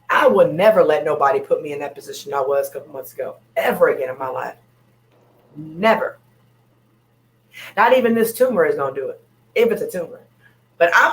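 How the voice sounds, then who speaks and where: On an open panel, a woman speaks candidly and bluntly in a casual chat, repeating her points for emphasis. Her voice is low, and the audio is poor.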